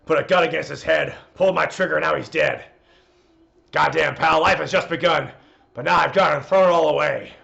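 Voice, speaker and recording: A man's voice: lowish voice, gravelly, fairly bright tone, reverberant, dull audio, voice pushed down, exaggerated voice. A man doing an impression of a foul-mouthed male wrestling manager, belting out a rock song with curses. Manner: cursing, belted singing.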